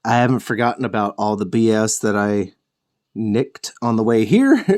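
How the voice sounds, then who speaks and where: A man's voice: lowish voice, animated, normal speed, a little mellow. A young man hosting a miniature painting show, chatting casually while he paints, rambling, correcting himself and joking with the odd curse. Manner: rambling, self-correcting, jokey with swearing.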